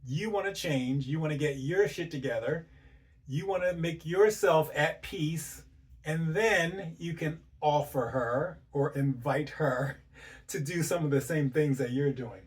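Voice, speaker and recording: A man's voice: a little high, measured pace, recorded from a distance. A man giving relationship advice as a coach, speaking directly to the listener and repeating his points with rhetorical questions. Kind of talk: motivational advice talk.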